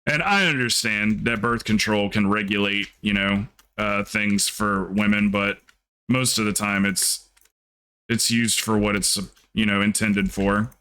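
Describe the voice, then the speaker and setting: A man's voice: fairly low pitch, steady tone, a little slow, sharp tone, clean tone. A young man livestreaming, chatting casually and rambling through a story while acting out the people in it. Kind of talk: casual stream chat.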